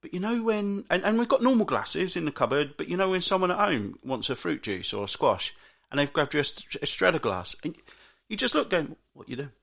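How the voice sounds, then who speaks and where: A British man hosting a solo podcast, grumbling in an exasperated rant with frequent restarts and big jumps in pitch. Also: sing-song, brisk, creaky, fairly bright tone. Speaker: podcast host. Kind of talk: solo ranting monologue.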